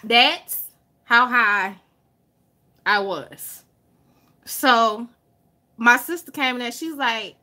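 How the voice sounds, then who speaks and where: A woman with a Southern US accent, a vlogger telling a story to her viewers in an animated way, drawing out words for emphasis and swearing freely. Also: a little high, drawn-out words, long pauses. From Alabama.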